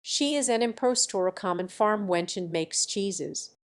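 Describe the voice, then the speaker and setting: A haughty duke from an old fairy tale, pompous and quick to scream at anyone beneath him, as a woman reading the story puts him on. His lines come out high and shrill with snobbish outrage. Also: lively intonation. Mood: outraged. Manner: haughty, shrieking.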